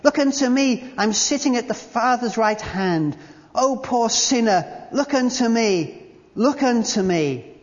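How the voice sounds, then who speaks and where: A preacher voicing a rough, uneducated Victorian lay preacher who exhorts plainly and repetitively, heard in a long church reverb. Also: mid-range voice, animated, a little slow, highs cut off, pitched above the performer's own voice, lightly acted. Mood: pleading.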